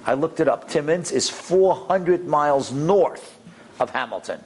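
A man telling a moving story to an audience, animated and emphatic, sprinkled with Yiddish words. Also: fairly high pitch, a little slow, slight background noise.

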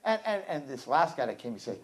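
A man's voice: mid-range voice, fast, a little hiss or hum. A man speaking as a rabbi, giving a humorous sermon and acting out the people in his stories. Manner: animated storyteller, acts out voices in quotes.

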